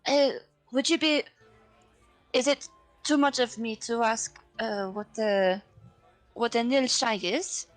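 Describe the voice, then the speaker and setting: A woman playing her character in a tabletop game, speaking politely and haltingly. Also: on the high side, soft background music. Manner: polite, halting, drawn-out phrasing. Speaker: player. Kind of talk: in-character tabletop role-play.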